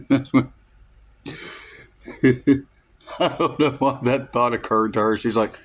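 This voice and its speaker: A man's voice: medium pitch, slow, long pauses. A man telling a rambling personal story, chuckling often and checking in with "okay?". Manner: chuckling, loose and digressive, peppered with "okay?" and "uh".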